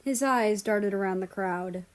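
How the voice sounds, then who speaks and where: A woman reads a fan fiction story aloud as an audiobook. Her narration is steady and even, carrying the listener through the scene. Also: mid-range voice, a little slow. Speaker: story reader.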